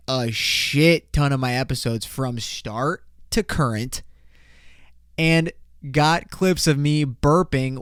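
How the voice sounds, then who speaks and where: A young man hosting a casual solo podcast, loose, excitable and full of swearing. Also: mid-range voice, clean tone, no room sound, clean studio sound. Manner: loose, profane, excitable, laughs a lot. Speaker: podcast host.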